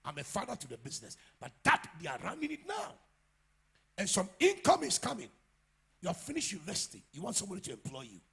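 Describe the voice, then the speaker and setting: Man, Ghanaian English accent, pastor's sermon, high lively voice, gravelly and husky. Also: quick pace. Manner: animated preaching, swinging from quiet asides to shouts. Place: church.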